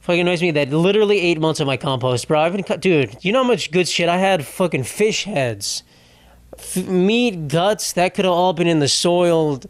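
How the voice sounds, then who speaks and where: Man, podcast host, profane rambling rant, slightly high voice, dry recording. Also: lively intonation, moderate pace, no echo. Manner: rambling, profane, exasperated rants. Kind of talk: solo comedic podcast monologue.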